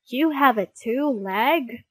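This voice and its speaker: A woman voicing a friendly, cheerful male French bulldog in a children's storybook, with bright, eager, sing-song lines. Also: a little high, animated, takes it slowly, no room sound, exaggerated voice.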